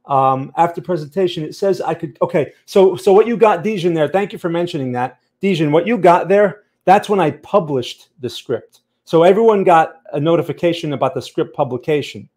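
A man's voice: on the high side, expressive, a little fast, few pauses, a little mellow. A man hosting a live stream, analysing charts and answering chat in a conversational way, often checking in with the viewers. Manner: conversational, keeps checking in with "okay?" and "right?". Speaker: trading channel host.

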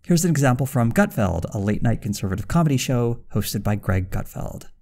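A man's voice: medium pitch, lively intonation, brisk, gravelly, mellow. A man narrating a scripted commentary video in a dry, critical manner. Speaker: video essayist.

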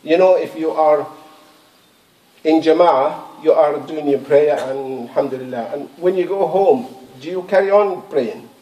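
A man's voice: fairly high pitch, a little slow, muffled recording, a little hiss or hum. A man giving a Friday sermon as imam in a mosque, talking conversationally, repeating words and reciting scripture in Arabic. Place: mosque prayer hall. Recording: echoey, distant room recording.

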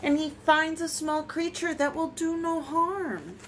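A woman reading picture books aloud for a children's storytime, expressive and lilting. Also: sits high, measured pace, slight background noise. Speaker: storytime reader.

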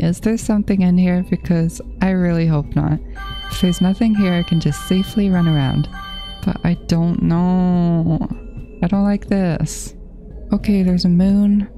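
A woman's voice: fairly low pitch, gravelly, warm tone. A woman giving horror game playthrough commentary, muttering to herself and nervously repeating herself. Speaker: gaming channel host.

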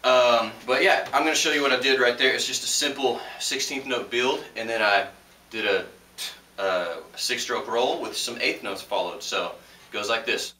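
A man's voice: medium pitch, normal speed, pushed and bright. A young man teaching a casual drum lesson in a loose, chatty way, with fillers and restarts. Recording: roomy echo, distant mic, noisy.

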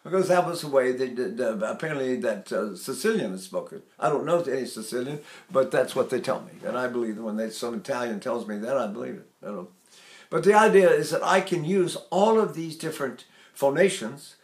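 A man's voice: medium pitch, animated, a little fast, roomy sound. An older man teaching a vocal lesson, talking in a rambling way and breaking off to sing and mimic examples. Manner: rambling, demonstrates by singing and mimicking.

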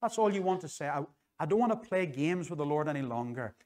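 A man's voice: on the high side, lively intonation, fast talker, darkish tone. A middle-aged man with a Northern Irish accent preaching an earnest, conversational sermon in church that ends in an altar call. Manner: earnest, conversational, repeats phrases for emphasis.

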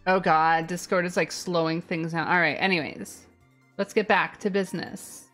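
A woman's voice: lowish voice, fairly even intonation, normal speed, fairly bright tone, faint music behind. A woman live-streaming a game, reading its dialogue aloud and chatting between the lines with self-deprecating asides.

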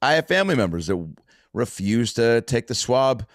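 A man hosting a casual podcast chat, telling stories in an animated way and swearing freely. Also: mid-range voice, normal speed, no echo, clean studio sound. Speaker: podcast host and comedian.

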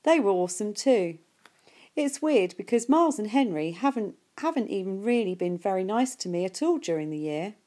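A woman reading aloud and voicing a shy, earnest ten-year-old boy, her voice slightly raised and quick. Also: mid-range voice, very animated, warm tone, lightly acted. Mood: thoughtful.

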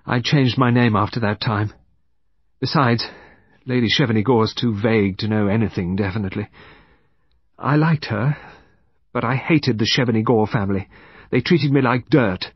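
A man's voice: medium pitch, breathy edge, no echo, natural voice. A man voicing a bitter, fierce grey-haired older woman in an audiobook. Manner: fierce, resentful. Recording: dull dry recording.

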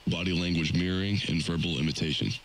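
A stern official announcer reading out safety warnings in a formal, instructional way. The voice sits low, with a faint hiss behind it. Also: male voice, steady tone, fast, low-quality recording. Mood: instructive.

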